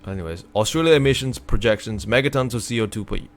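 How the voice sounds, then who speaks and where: A man from North America streaming at his computer, reading a news article aloud and reacting in a casual, exasperated way, sometimes breaking into loud remarks. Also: lowish voice, quick pace, a little hiss or hum. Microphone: computer desk mic.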